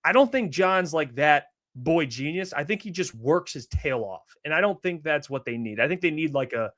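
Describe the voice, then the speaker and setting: A man's voice: fairly high pitch, expressive, moderate pace, a bit bright. A man hosting a sports talk show, giving blunt, skeptical opinions in casual chat with frequent restarts.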